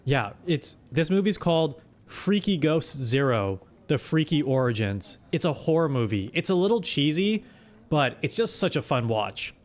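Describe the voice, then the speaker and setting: A man hosting a live stream, chatting casually in role-play and telling his companion to keep quiet. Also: a little high, big pitch swings, moderate pace. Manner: laid-back, mildly exasperated, hushed scolding. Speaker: streamer host.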